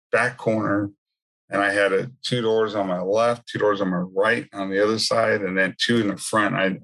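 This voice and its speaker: Low husky-voiced man telling his story. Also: fairly bright tone. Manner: conversational storytelling with many asides. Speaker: speaker sharing his testimony. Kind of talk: personal faith testimony.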